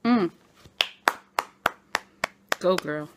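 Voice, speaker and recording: A woman recapping a TV episode in a casual vlog, animated and chatty, talking straight to her fellow fans. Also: on the low side, extremely slow, background noise. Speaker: TV show reviewer.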